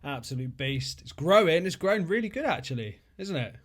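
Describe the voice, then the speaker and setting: A man's voice: a little high, very animated, brisk. A man with a southern English accent hosting a casual podcast, upbeat and prone to playful repetition. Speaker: podcast host. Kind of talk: casual chat.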